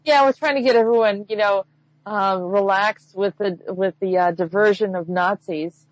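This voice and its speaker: A woman's voice: medium pitch, normal speed, no room sound. A woman hosting a casual conversation, meandering with fillers. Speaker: host. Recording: dull, dry lo-fi recording.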